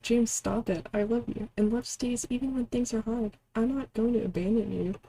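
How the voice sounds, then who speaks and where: A woman's voice: on the high side, steady tone, moderate pace, creaky, mellow, voice pushed up, rough recording. A woman reading an earnest, pleading heroine. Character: devoted young woman, the player's heroine. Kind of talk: reading a game aloud.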